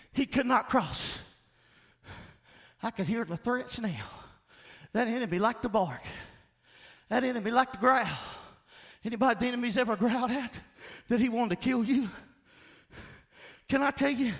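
Preacher man, very high voice, bright and forceful, shouting call-and-response sermon. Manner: emphatic, call-and-response, often shouting and laughing.

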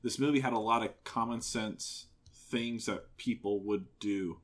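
A man on a casual review podcast gives his opinions in a chatty way. His voice sits on the low side, and he leans on fillers like "you know" and "like.". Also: measured pace. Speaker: podcast co-host. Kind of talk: casual film review chat.

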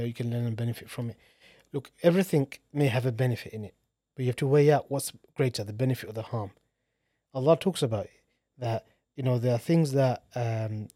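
A man's voice: medium pitch, warm tone, no echo. Earnest, emphatic man, dry sound. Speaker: podcast guest who works with families. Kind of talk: earnest podcast talk.

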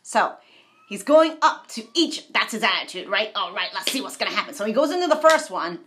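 A woman casually retelling a movie, rambling and animated and adding her own sound effects. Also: mid-range voice, brisk.

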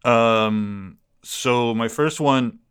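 A man co-hosting a podcast, chatting casually in a rambling, animated way and swearing freely. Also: mid-range voice, drawn-out words, clean tone. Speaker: podcast co-host. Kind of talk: casual chat.

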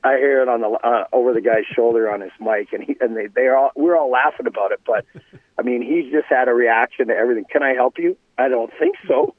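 A middle-aged man, a former hockey player, telling animated anecdotes in casual conversation. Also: medium pitch, fast. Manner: animated anecdotes, laughing, restarts. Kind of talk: casual storytelling. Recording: phone line.

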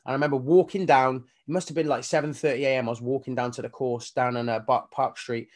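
Here a male fitness coach, a guest in an easygoing interview, recounts his story at a fast clip in a mid-range voice. He plays out his inner voices with lots of energy and the occasional casual curse.

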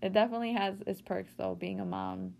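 A woman's voice: mid-range voice, fairly even intonation, fast, gravelly, darkish tone, slight background noise. A woman in her late twenties co-hosting a podcast, gushing in a casual, slangy way and filling her talk with "like" and "you know what I mean.". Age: 20s. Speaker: podcast co-host. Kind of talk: casual chat.

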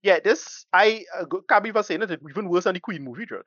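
A man co-hosting a podcast film review talks fast in a high-pitched, expressive, fairly bright voice. He's blunt and rambling, cursing freely in Caribbean-style English, and the recording sounds dry and muffled.

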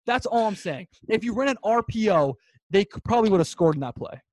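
Animated high-voiced man ranting about sports. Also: a little fast, no echo. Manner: emphatic, ranting, repeats points for effect. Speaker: podcast co-host. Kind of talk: casual sports talk.

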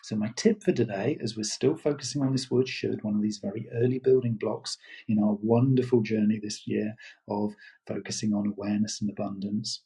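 Man, self-development coach, earnest reflective talk, husky, low. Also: warm tone, rough recording. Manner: earnest, thoughtful, with many fillers.

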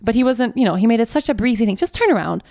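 A young adult woman hosting a podcast, telling a personal story in a halting way, often restarting and repeating herself. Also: fairly high pitch, warm tone, no room sound, studio quality. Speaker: podcast host.

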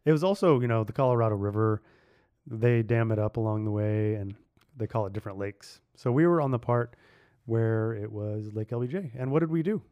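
A man hosting a casual podcast with his kids, playful and quick to laugh as he quizzes them. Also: fairly low pitch, muffled recording. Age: adult. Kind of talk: casual family podcast chat.

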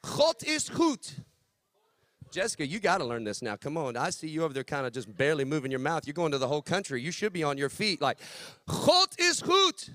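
A man's voice: on the high side, lively intonation, rapid-fire, hardly any pauses, fairly bright tone, no room sound. A man from Texas with a Southern accent, preaching as a guest with a playful, joking manner. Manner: playful, joking, drawls "y'all". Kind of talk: sermon.

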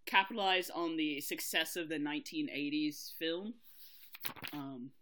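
Reviewing a TV mystery adaptation, a podcast co-host talks in a casual, candid way, with light swearing and frequent laughter. She has a low voice and speaks a little slowly, with background noise behind her.

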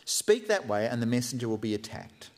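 A man's voice: medium pitch, sing-song, brisk, long reverb tail. A man preaching a sermon in a church, conversational and humorous, often acting out quotes. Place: church hall with live stream.

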